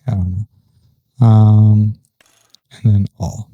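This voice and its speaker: A man's voice: on the low side, level tone, slow, no echo, muffled recording. A man talking casually through a farming game setup, thinking aloud with frequent ums. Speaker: gaming channel host. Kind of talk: casual gameplay commentary.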